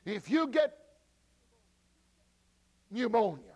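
A man teaching a church Bible study, talking slowly with many fillers and repeated words, and calling out to people at the back of the room. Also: very high-pitched, sing-song, darkish tone. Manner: slow, repetitive teaching with frequent fillers and restarts.

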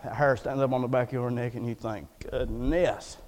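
A man pastoring a church, preaching a folksy sermon, joking and then building to loud passages. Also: mid-range voice, fairly even intonation, fast, big-room sound.

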